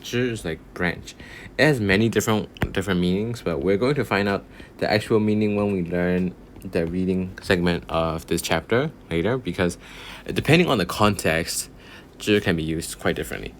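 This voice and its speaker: A man's voice: sits low, moderate pace, a little hiss or hum. A man teaching a casual online language lesson, patiently repeating words and counting strokes aloud.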